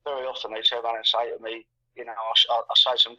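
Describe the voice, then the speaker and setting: The voice is mid-range, bright and forceful, fast, with little pitch movement. It belongs to an English guest in his sixties who chats casually and ramblingly, repeating himself and stacking fillers. The call audio is muffled and lo-fi.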